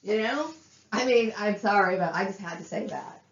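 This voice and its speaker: A woman's voice: mid-range voice, moderate pace. Angry woman ranting in a roomy room. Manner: profane, agitated, with restarts and rising outbursts. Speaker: vlogger. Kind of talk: angry personal rant to camera. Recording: roomy, distant, dull lo-fi sound.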